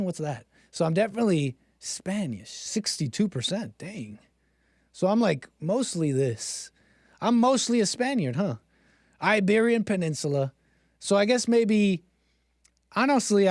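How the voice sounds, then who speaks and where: A man's voice: high voice, darkish tone, no echo, clean studio sound. A man hosting a livestream, joking and self-mocking as he talks to his chat. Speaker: streamer host. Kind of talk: casual livestream monologue.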